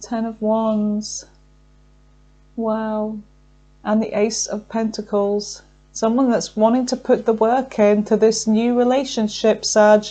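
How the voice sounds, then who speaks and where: A woman's voice: a little high, flat delivery, slow, mellow. A woman giving a tarot card reading, effusive and emotional, thinking aloud with frequent fillers. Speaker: tarot reader.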